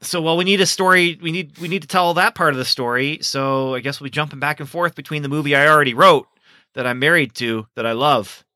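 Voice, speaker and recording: A man with a bright, forceful voice, talking through a film in casual review chat. He is animated and laughs often. The sound is dry and close. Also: on the high side, a little fast, no echo. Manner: animated, laughs often, acts out quoted lines. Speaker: podcast co-host.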